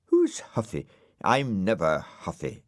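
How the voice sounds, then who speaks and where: A sulky, self-important dog grumbles in a grand, aggrieved tone, as a man puts him on. The storybook voice swings widely in pitch and takes its time. The sound is close and dry. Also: wildly swooping pitch, slow, dry recording, exaggerated voice. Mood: huffy. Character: grumpy huffy pompous male dog. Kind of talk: audiobook character voice.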